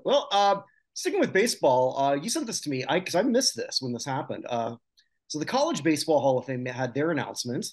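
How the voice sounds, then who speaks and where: Lively man reading out names. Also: on the high side, brisk. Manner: lively, reads out lists of names with asides. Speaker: podcast co-host. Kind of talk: casual chat.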